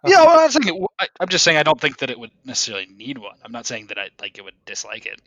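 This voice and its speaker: Lively man qualifying his opinions. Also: mid-range voice, very fast, dry recording. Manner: qualifying himself, backtracking. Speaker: podcast guest. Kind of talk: casual movie discussion.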